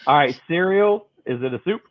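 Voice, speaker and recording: A man's voice: on the high side, expressive, moderate pace, no echo. A man co-hosting a podcast, chatting casually and upbeat while firing off quiz questions. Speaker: podcast co-host. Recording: thin phone-like line, dry.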